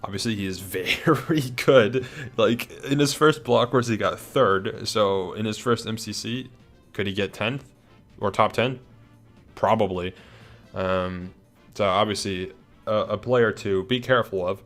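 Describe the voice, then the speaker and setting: A young man with a lowish voice talks casually through a ranked list, chatty and unhurried in his own way. He hesitates often and restarts his sentences. Faint music plays quietly behind him. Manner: chatty, hesitant, many fillers and restarts, yawning. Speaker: video creator ranking players. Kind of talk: casual ranking commentary.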